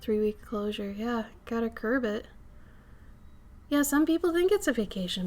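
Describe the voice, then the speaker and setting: A hoarse woman, getting over an illness, chatting casually on a live stream while she draws; her voice crackles and she often drifts into soft whispers, speaking right up close to the mic. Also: mid-range voice, normal speed. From Minnesota. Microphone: microphone close to the face.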